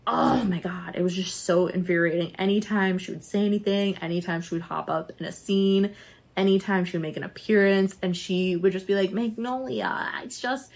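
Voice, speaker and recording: A young woman vlogging a casual, animated book review, chatty and quick to laugh. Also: on the low side.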